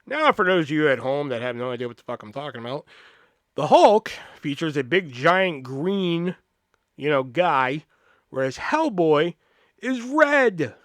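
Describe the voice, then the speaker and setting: Man, podcast host, comedic storytelling, profane, fairly high voice, very lively pitch. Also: measured pace, no room sound. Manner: animated, profane, rambling anecdotes.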